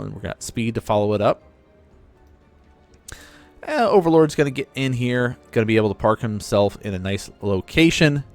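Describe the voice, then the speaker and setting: A man giving casual play-by-play commentary on a real-time strategy match, explaining the strategy as he goes. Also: fairly low pitch. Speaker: game caster.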